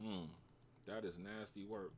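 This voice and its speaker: A livestream host with a New York accent talks loosely with his chat in a slangy, joking way. His voice sits on the low side. A faint background hum runs under his speech. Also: fairly even intonation, a little slow. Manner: slangy, banters with chat, reacts to trades.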